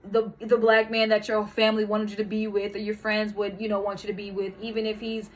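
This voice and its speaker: Speaking fairly quickly in a level, medium-pitched voice, an adult woman, a wife and mother, hosts her own show and addresses the listener directly with encouragement. The monologue is frank, sincere, and full of fillers, though the audio is poor.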